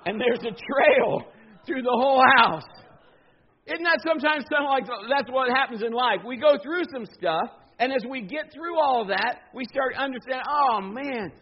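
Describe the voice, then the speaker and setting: High-voiced folksy man preaching. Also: moderate pace, dull audio. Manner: conversational, folksy, asks the congregation questions. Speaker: pastor. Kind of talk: sermon.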